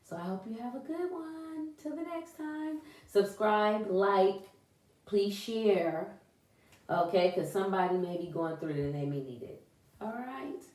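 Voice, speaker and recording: A woman vlogging in a casual, encouraging way, animated and folksy, with churchy exclamations. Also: medium pitch, unhurried, far from the mic. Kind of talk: casual encouraging vlog talk. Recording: echoey room, voice away from mic.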